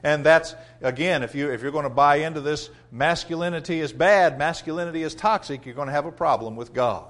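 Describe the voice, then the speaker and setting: A man preaching a sermon, reading scripture loudly and dropping to quiet rhetorical asides. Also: on the high side, fairly quick, hardly any pauses. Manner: emphatic, rising loud on scripture readings.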